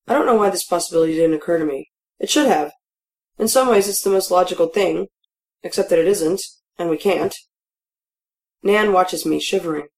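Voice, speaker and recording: A woman's voice: lowish voice, normal speed, vocal fry, darkish tone. A woman narrating a first-person novel in a wry, matter-of-fact way with a dry sense of humor. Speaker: audiobook narrator.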